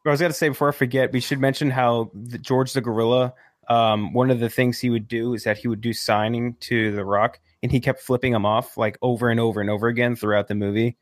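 A man with a middle-pitched voice rants in an animated way during a casual movie chat, swearing often. The sound is dry and close, with no room around it. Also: quick pace, no echo. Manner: animated ranting, frequent swearing. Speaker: podcast co-host.

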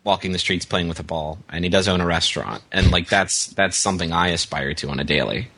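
A man co-hosting a comedic podcast, riffing in a mock-serious, deadpan way. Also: low voice, a little fast, slightly rough. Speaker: podcast co-host. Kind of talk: comedic casual chat.

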